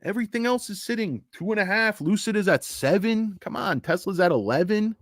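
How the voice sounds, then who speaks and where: A middle-aged man ranting on a stream, profane and rambling, his pitch jumping up and down as he gets worked up. The sound is dry and close, in a slightly higher register than most men's. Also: expressive, a little fast, dry recording. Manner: rambling, profane, reads chat aloud. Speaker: stock livestream host. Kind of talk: ranting casual livestream.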